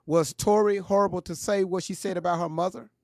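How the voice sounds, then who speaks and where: A man with hosts a livestream. He presses commenters with repeated questions, his voice sitting a bit high for a man, close and dry with no room sound. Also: steady tone, a little fast, gravelly, dry recording. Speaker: livestream host. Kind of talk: livestream talk.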